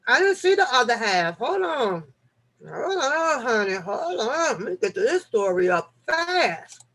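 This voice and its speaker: A woman with a somewhat high voice hosts a casual live-stream chat. She reads news articles aloud and jokes with her viewers. Her delivery swings from low mutters to loud, laughing outbursts. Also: big pitch swings, measured pace.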